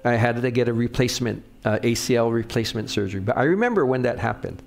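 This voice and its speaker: A middle-aged male pastor preaching in a relaxed, conversational way, telling personal stories and checking in with the congregation as he goes. His voice sits at an ordinary middle pitch, with a soft guitar playing faintly behind him. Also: fast talker, vocal fry. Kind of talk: sermon with personal storytelling.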